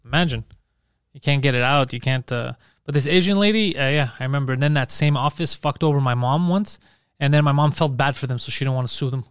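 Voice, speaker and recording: A man co-hosting a podcast, telling stories in a profane, animated way. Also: medium pitch, fast, clean tone, dry recording, clean studio sound. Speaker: podcast co-host. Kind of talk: casual comedic chat.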